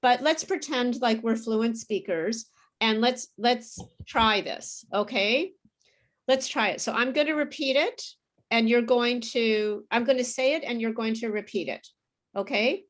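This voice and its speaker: A woman teaching English pronunciation in an online class, saying words clearly and patiently for students to repeat. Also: a little high, measured pace.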